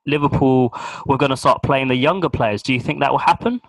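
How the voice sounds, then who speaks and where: A man's voice: medium pitch, no room sound, rough recording. Chatty man, dry close sound. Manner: chatty, agreeable, quick to laugh. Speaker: podcast co-host. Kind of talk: casual football chat.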